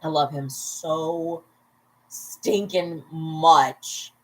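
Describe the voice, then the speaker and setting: This vlogger, tipsy and at home at bedtime, rambles on a casual livestream, laughing frequently and chatting with her viewers on the side. She has a deep, steady, fairly bright voice with drawn-out words, in a rough recording.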